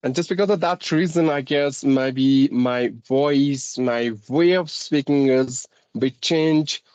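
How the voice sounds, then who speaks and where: Give me an Indian man hosting English speaking practice, speaking formally and clearly, recorded with dull audio. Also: mid-range voice, slow pace, darkish tone, no room sound. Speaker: English teacher, host. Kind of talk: casual conversation practice.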